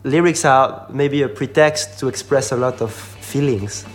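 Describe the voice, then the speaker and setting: French band singer guest, relaxed and easygoing, accented English. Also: male voice, mid-range voice, a little slow, soft background music. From France. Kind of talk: casual interview talk in a second language.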